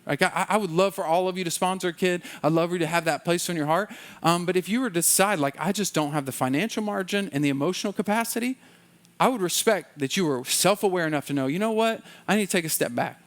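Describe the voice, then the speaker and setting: A man preaching a conversational sermon in a church, with quick acted asides and dropping to a low, soft voice in prayer. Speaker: pastor.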